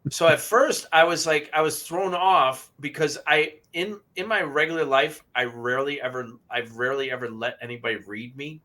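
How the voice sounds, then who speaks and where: A man hosting a podcast tells a personal story, restarting his sentences and getting emotional. His voice is bright and sits a little high for a man. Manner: emotional, halting, repeats words. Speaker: podcast co-host. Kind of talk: casual storytelling.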